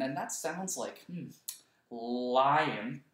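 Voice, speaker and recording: A male kindergarten teacher leading a writing lesson for young children, slowly sounding out words letter by letter. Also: mid-range voice, animated, a bit bright. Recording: roomy echo, voice a bit far from the mic.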